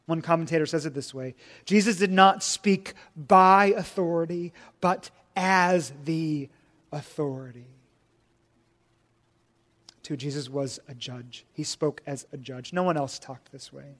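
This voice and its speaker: A man preaching a sermon as pastor, swinging from loud emphatic lines to hushed quiet ones. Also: high voice, big-room sound.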